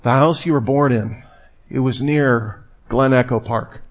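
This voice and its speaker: A man's voice: medium pitch, fairly even intonation, unhurried, close to an everyday voice. A man voicing a smug, teasing fairground psychic who drags out his reveals.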